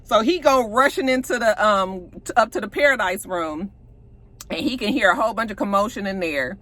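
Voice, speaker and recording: A woman's voice: fairly high pitch, expressive, moderate pace, a bit bright, no room sound. A woman, casually retelling a TV episode and acting out the characters' lines. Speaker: TV show recapper.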